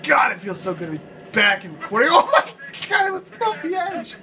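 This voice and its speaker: A man hosting a co-op game playthrough, hyperactive, with loud outbursts and cursing, on a distant mic with loud noise. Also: extremely high pitch, huge pitch swings, brisk, over loud music. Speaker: let's play host. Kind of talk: excitable gameplay commentary.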